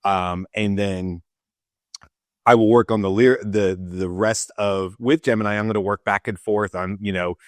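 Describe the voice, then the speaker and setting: A man co-hosting a show, telling a story in an animated, laughing way in casual chat. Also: lowish voice, a little slow, no room sound, clean studio sound. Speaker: show co-host.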